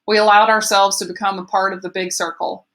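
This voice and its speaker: A woman reading the part of a remorseful teenage boy who speaks gently and earnestly in an audiobook. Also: medium pitch, little pitch movement, a little fast, close to an everyday voice. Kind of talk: audiobook character voice.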